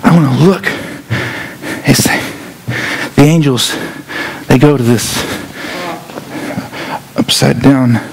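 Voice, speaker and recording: A male pastor preaching a sermon, animated and often repeating words as he acts out scenes. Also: mid-range voice, takes it slowly, creaky, pauses often, slight background noise.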